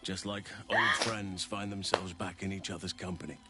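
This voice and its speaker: A man playing gentle old elf druid Halsin. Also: deep voice, flat delivery, heavy background noise, close to an everyday voice. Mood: tender. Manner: soft-spoken, measured, warm. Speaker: game character.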